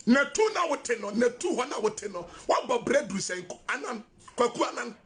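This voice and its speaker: Male commentator, husky and high-pitched, scolding and insistent. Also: sing-song, moderate pace, a bit bright. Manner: insistent, scolding, repeating phrases. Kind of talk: heated commentary, mixing English and Twi.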